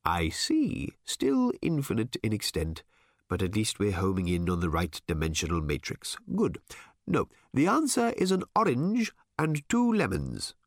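A man voicing a fussy, chatty shape-shifting robotic bird that asks brisk, clinical questions in a light tenor. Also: on the low side, huge pitch swings, dry recording, clean studio sound, full character voice.

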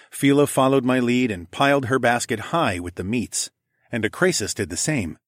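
A man narrating an audiobook in the first person, telling the story in a steady, even way. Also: on the low side, no echo, studio quality.

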